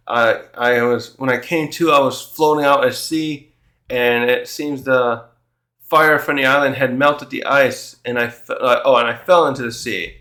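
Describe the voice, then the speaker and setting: A man's voice: medium pitch, sharp tone, echoey room. A man hosting a casual chapter review, thinking aloud and retelling the characters' dialogue in his own words. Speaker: manga reviewer and channel host.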